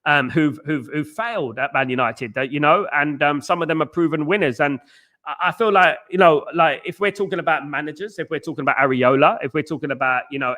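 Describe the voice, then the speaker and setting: A man hosts a casual football fan chat, thinking out loud and restarting sentences as he goes. His voice sits a little high and has a bright, forceful edge. He reads viewers' messages into a close desk mic. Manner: rambling, restarts often, frequent "mate" and "you know what I mean". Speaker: podcast host reading live chat.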